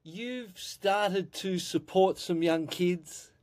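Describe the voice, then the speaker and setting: A man hosting an interview, speaking slowly in a high voice. The sound is close and dry, with no room around it. He prompts his guest along in an encouraging way. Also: a little mellow, no room sound. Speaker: podcast host. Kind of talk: interview conversation.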